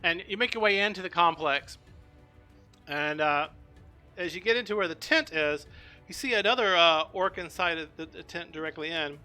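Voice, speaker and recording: A man's voice: fairly high pitch, lively intonation, moderate pace, pushed and bright, clear, resonant tone, faint music behind. A man narrating as game master of a tabletop game, hesitant and full of fillers.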